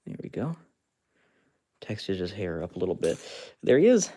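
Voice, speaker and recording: Male live-stream host, lowish voice, chatty and friendly, laughs easily, talks viewers through his craft. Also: huge pitch swings, normal speed, mellow. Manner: chatty, laughs often, narrates while working with his hands; talks to fans and reads out chat. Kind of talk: casual live-stream commentary.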